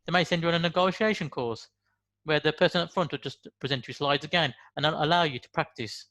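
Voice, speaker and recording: A man in his forties with a Brummie accent delivers an earnest motivational monologue. His voice sits a little higher than most men's, and he leans on emphatic rhetorical questions. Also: fast, sharp tone. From West Midlands, England. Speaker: motivational speaker.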